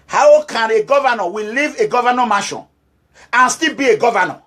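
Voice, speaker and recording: A Nigerian-accented man speaks in an unusually high, piercing voice. He is an activist leader giving a fiery political address, alternately scolding and pleading, and he hammers his points by repeating short phrases. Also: animated, fairly quick, fairly bright tone. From Nigeria, Edo State.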